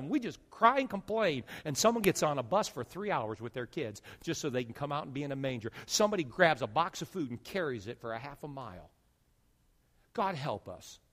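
A man pastor preaching a sermon, swinging between loud declarations and hushed asides. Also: a little high, big-room sound.

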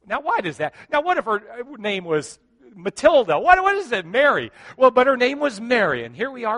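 A middle-aged male pastor telling a story in a sermon, animated and joking, acting out what people said. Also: sits high. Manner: animated, joking, acts out quotes.

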